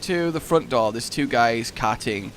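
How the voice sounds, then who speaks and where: A man in his twenties, chatting over gameplay and telling a funny story with excitable outbursts. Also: mid-range voice, measured pace, slight background noise. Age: 20s. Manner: excitable anecdote-telling, bursts into loud exclamations. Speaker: gaming YouTuber.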